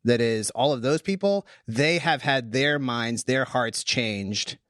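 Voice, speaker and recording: A man hosting a podcast, talking through a Bible passage casually, animated and full of restarts. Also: mid-range voice, slow, no echo, clean studio sound. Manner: animated, thinks aloud with restarts. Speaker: podcast host.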